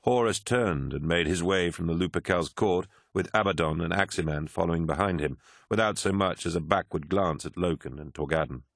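A man narrating an audiobook in a steady, even storytelling manner. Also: low voice, fairly quick, creaky, hardly any pauses, no room sound, clean studio sound. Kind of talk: scripted narration.

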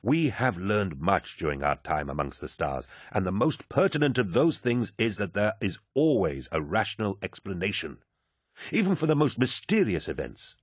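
A calm, rational older scholar who reassures and reasons, as a man voices him. The voice is very deep with a husky edge, recorded close and dry. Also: moderate pace, dry recording, full character voice. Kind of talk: audiobook character voice.

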